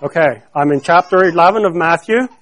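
High-voiced man preaching conversationally. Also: brisk, a bit bright. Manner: conversational preaching, quizzes the congregation to fill in words; repeats and restarts phrases. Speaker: pastor. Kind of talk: sermon.

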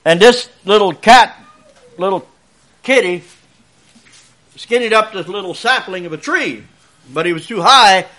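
A man with a high, forceful voice tells a folksy story in a church service, the way a preacher speaks to the children. He keeps it chatty and asks the room questions as he goes. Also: a little slow, long pauses.

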